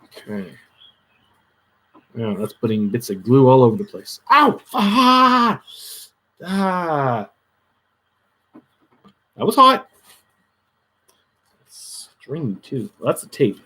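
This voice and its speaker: A man's voice: mid-range voice, darkish tone. A man chatting casually on a crafting livestream, muttering to himself as he works, with dry sarcastic asides.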